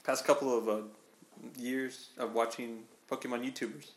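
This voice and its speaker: A man co-hosting a casual podcast chat, laid-back and quick to laugh. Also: mid-range voice, steady tone, echoey room. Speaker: podcast co-host.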